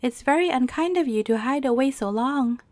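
A woman's voice: high-pitched, expressive, moderate pace, darkish tone, no echo. A woman reading aloud and voicing a cross, dismissive woman nurse who speaks coolly. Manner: cool, dismissive.

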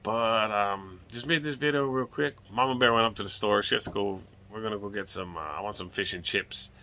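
Sitting on his porch outside, a vlogger from Hawaii talks fairly quickly in a low-leaning voice with a sharp tone, and there's slight background noise. The middle-aged man has a light lilt and rambles casually, dropping the occasional curse.

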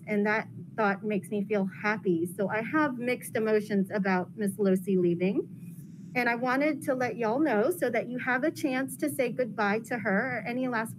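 A woman school counselor, gently talking children through their feelings. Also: a little high. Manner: gentle, explains feelings simply with fillers. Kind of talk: classroom guidance talk to children. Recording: noisy classroom recording.

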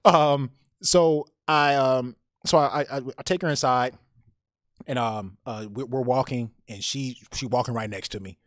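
A man's voice: medium pitch, a little slow, a bit bright, dry recording, clean studio sound. A man co-hosting a podcast, telling a story animatedly with lots of restarts. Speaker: podcast co-host. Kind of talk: casual podcast chat and storytelling.

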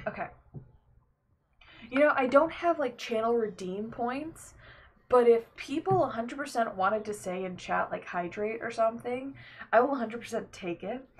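A young woman live-streaming a game, chatting loosely to her viewers with lots of fillers and quick laughs. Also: on the high side, a little hiss or hum. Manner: rambling, filler-heavy, laughs often, talks to chat. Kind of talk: casual gameplay live stream chat.

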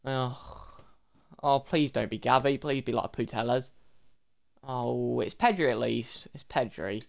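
A young man, commentating his game pack openings in an excitable way and talking to viewers as lads and boys. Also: medium pitch, measured pace, creaky. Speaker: gaming YouTuber.

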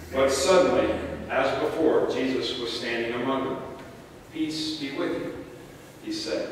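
A man's voice: medium pitch, a little hiss or hum. A man preaching a sermon, reading scripture aloud with casual, joking asides, recorded from a distance in an echoey hall. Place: church sanctuary. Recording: echoey hall, picked up from far off.

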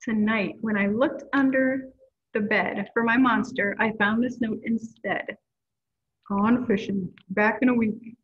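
Woman, kids' art teacher, encouraging, fairly high voice, husky, tinny phone-like sound. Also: steady tone, measured pace. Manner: encouraging, upbeat with children. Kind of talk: kids' class instruction and read-aloud.

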